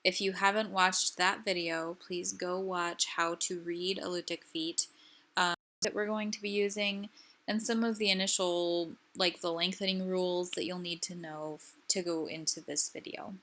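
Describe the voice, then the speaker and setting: A woman presenting a recorded slide lecture on a language's stress rules, explaining in a clear, patient way. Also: on the low side, level tone, moderate pace, a bit bright.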